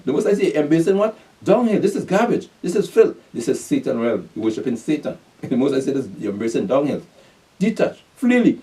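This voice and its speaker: Man preaching off scripture, keeps saying pay attention, dark voice, mic kinda far. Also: on the high side. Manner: emphatic, repeats "pay attention", quizzes listeners with "what?". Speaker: street preacher. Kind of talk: scripture teaching sermon.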